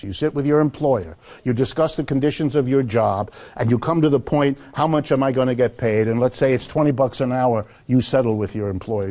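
A man giving a public lecture, telling history like a story and acting out quotes in a lively, punchline-driven way. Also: mid-range voice.

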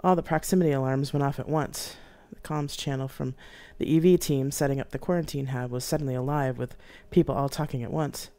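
A woman's voice: extremely low pitch, brisk, hardly any pauses. A woman author reading her own science fiction novel aloud in first person, on a live stream. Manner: first-person narration, expressive. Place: home streaming setup.

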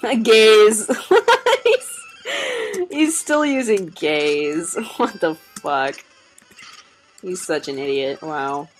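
A woman's voice: lowish voice, lively intonation, drawn-out words, pauses often, faint music behind, rough recording. A young woman doing casual gameplay commentary, chatting to viewers, laughing often and swearing freely. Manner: chatty, talks to viewers while playing. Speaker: let's player.

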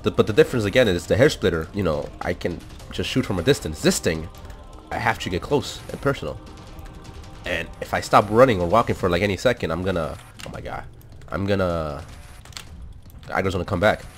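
A young man giving casual, excitable commentary over his own gameplay, swearing, laughing and repeating himself. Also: low-pitched, brisk. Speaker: gaming commentator. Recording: faint background music.

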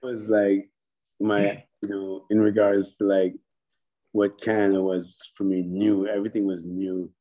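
A man's voice: lowish voice, flat delivery, a little slow, lo-fi sound. A man telling stories on a podcast as a guest, laughing often and swearing freely. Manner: laughing, profane storyteller. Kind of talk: casual storytelling chat.

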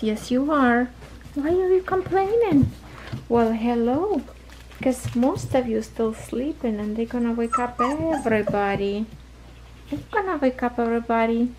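A woman casually chatting at home in a craft vlog, slipping into high baby talk with her puppies, her English a little non-native. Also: slight background noise, poor audio. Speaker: cross-stitch vlogger.

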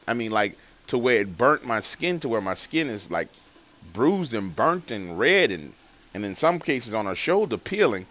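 A man's voice: medium pitch, big pitch swings, moderate pace, fairly bright tone. A man hosting a paranormal story show, casually retelling callers' encounters in a loose, profane, conversational way while driving.

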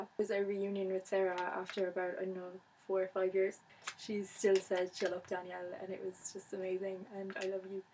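Young woman vlogger, chatty and bubbly, monotone delivery, light hiss behind. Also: mid-range voice, rough recording. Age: young adult. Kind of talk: casual chat to camera.

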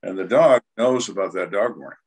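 An older man with a low, husky voice tells crime stories as an interview guest. His delivery is blunt, dry and dramatic, with deadpan punchlines. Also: a little fast. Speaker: retired homicide detective, guest. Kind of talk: storytelling interview.

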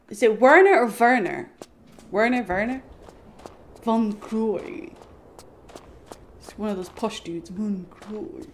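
A woman's voice: on the high side, darkish tone, slight background noise. A young woman streaming a video game live, chatting with viewers, swearing, laughing and talking to her dog. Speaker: gaming streamer.

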